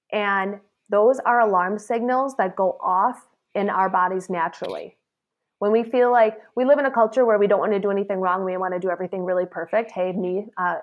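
A woman's voice: medium pitch, highs cut off. Chatty woman coaching with "okay?". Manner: chatty and earnest, tags lines with "okay?" and "right?"; animated, acts out quoted remarks. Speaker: salon professional sharing advice. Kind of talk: motivational talk to camera.

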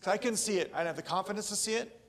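A man, preaching a sermon in a casual, joking, animated way. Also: high voice, racing. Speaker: pastor.

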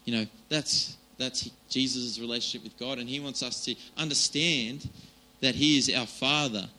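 A man's voice: medium pitch, steady tone, normal speed, bright, forceful tone, rough recording. A man giving an informal, chatty sermon, with many fillers and restarts. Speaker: preacher.

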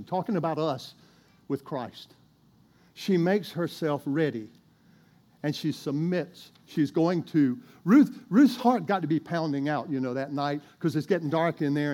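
A man's voice: a little high, warm tone. A male pastor preaching a sermon, telling a bible story in a folksy way with chuckles and asides to the congregation.

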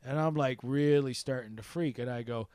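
A man's voice: mid-range voice, normal speed, darkish tone, clean tone, no room sound. Guy telling a long story casually, rambles and restarts, dry recording. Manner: rambling, conversational, many restarts.

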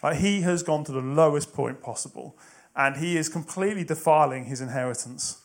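Higher-voiced man preaching a sermon. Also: brisk. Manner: passionate, rising to loud emphatic preaching.

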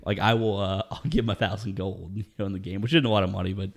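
Man, low register, relaxed storyteller, profane, chuckles a lot. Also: fast, gravelly. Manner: laid-back, profane, laughs often while telling a story. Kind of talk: casual storytelling chat.

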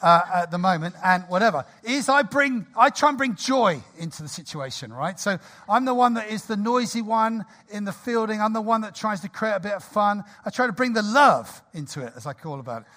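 Man in his 60s giving a sermon, high bright voice, jokey and casual, sounds like a church. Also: a little fast. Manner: lively, jokey, conversational. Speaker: preacher.

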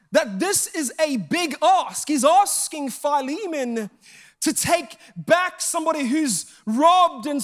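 A man preaching a sermon, telling jokey stories and acting out the dialogue in them. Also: very high-pitched. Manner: animated storytelling, acting out quoted dialogue; jokey and self-mocking.

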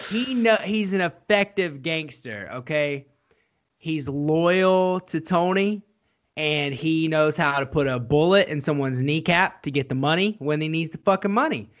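Excitable, cussing man in casual chat. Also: fairly high pitch, clear, resonant tone. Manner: profane, rambling, excitable. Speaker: podcast co-host.

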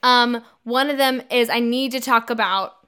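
A woman's voice: fairly high pitch, moderate pace, pushed and bright, clean tone. A woman in her twenties co-hosting a casual book-discussion podcast, ranting in mock fury and laughing often. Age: 20s. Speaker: podcast co-host.

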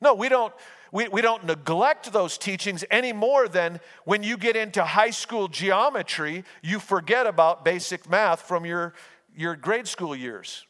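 A man's voice: high voice, unhurried, a bit bright, long reverb tail. A man delivering a conversational sermon as a pastor, often restarting phrases and acting out small stories. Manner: conversational preaching with repeated restarts and acted-out anecdotes.

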